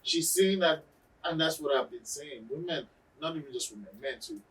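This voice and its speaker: A man's voice: on the high side, moderate pace, fairly bright tone, husky, far from the mic. A man co-hosting a casual podcast chat, talking in a playful, teasing way and drawing out his points. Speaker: podcast co-host.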